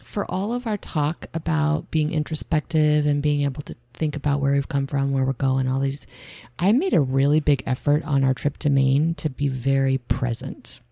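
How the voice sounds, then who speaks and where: A woman co-hosting a podcast in casual chat, chatty and quick to finish her partner's stories. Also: low voice, creaky, no room sound. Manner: chatty, warmly teasing, jumps in to finish stories. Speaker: podcast co-host.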